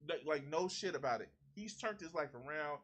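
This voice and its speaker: A man with a high, bright and forceful voice rants through a live reaction stream. He sounds indignant and profane, and he mocks the speakers in the clip he is reacting to. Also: lively intonation, brisk. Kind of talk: heated reaction commentary.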